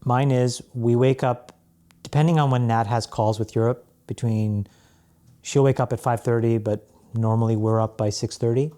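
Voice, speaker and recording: A man talking as a guest on a podcast, telling stories in a relaxed way, with restarts and laughs. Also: medium pitch, normal speed. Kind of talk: casual interview chat.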